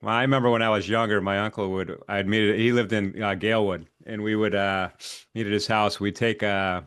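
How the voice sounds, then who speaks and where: A man with a Chicago accent hosting a trading show, chatting casually and stammering through quick reactions. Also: fairly low pitch, fairly even intonation, a bit bright, smooth, no echo, clean studio sound. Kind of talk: casual market talk.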